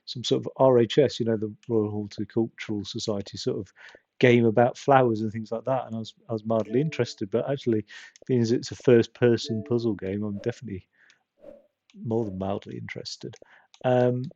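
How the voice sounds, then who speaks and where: A male streamer rambles through casual gameplay commentary, frequently stopping and restarting his sentences. His voice is medium-pitched, steady and mellow, fairly quick, and the audio sounds dull.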